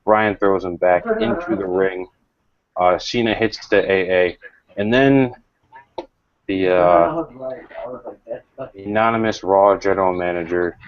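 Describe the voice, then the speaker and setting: A man hosting a casual panel review, talking calmly and critically with many fillers and pauses. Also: low-pitched, no echo. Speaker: show host. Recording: dry, dull lo-fi audio.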